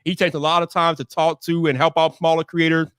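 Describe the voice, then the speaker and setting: Man, live stream host, high voice, dry close sound, energetic casual chat. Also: fairly quick, clear, resonant tone, dry recording. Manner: energetic, shouting greetings to viewers.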